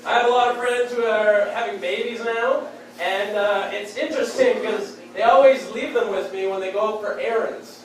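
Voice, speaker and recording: A young man from Saskatchewan doing a wry, casual stand-up set on a club stage, acting out quick quotes. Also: sits high, fairly even intonation. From Saskatchewan, Canada. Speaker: stand-up comedian. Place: comedy club stage in a beer hall. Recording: very echoey club room, mic distant. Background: audience laughing.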